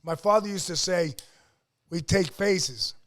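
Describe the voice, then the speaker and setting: Middle-aged pizza guy, high voice, swears and shouts as he tells stories. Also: unhurried. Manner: loud, profane, acts out quotes with shouting. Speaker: pizzeria owner, podcast guest. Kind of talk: casual storytelling.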